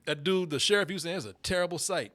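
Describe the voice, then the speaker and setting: A man hosting a live comedy stream, swearing freely and breaking into loud laughter while reacting to clips. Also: high-pitched, racing. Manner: loud laughing, profane, animated. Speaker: host.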